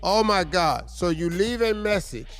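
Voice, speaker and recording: A radio morning host, a man with a high voice, riffing in mock outrage at his callers. He speaks into a studio microphone with music playing clearly behind him. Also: expressive, unhurried, fairly bright tone. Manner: mock-indignant, teasing rants. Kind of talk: comedic radio banter.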